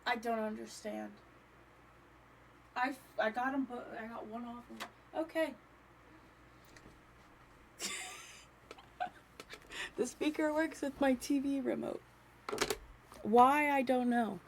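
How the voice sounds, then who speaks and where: A woman's voice: on the high side, slow, pauses often, noisy background. A young woman casually chatting and laughing while playing a game, swearing freely. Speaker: gaming streamer. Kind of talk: casual gameplay chat.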